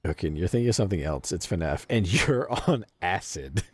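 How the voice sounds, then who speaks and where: A man's voice: deep voice, expressive, moderate pace, few pauses, breathy edge, dry recording. A man streaming a game and casually chatting with his viewers, swearing freely and laughing often. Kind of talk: casual game livestream chat, reading chat aloud.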